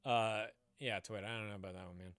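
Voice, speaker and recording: A man's voice: fairly low pitch, steady tone, fairly quick, fairly bright tone, no echo, clean studio sound. A man chatting casually on a live stream, rambling, laughing and swearing as he answers viewers.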